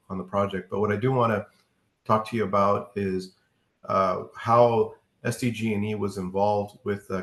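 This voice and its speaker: Low-voiced man in an echoey room. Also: fairly bright tone. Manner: casual, hesitant with many fillers. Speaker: utility company presenter. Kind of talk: online community meeting presentation. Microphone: video call.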